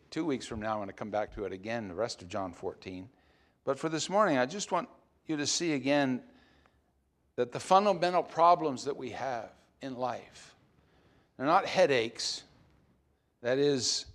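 A man preaching a sermon as pastor at a church service, with deliberate emphasis that swings between loud stresses and soft, low phrases.

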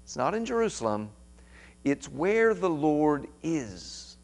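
A man's voice: fairly high pitch, big pitch swings, slow, darkish tone. A man preaching an expository sermon, reading scripture aloud and then commenting with rising emphasis.

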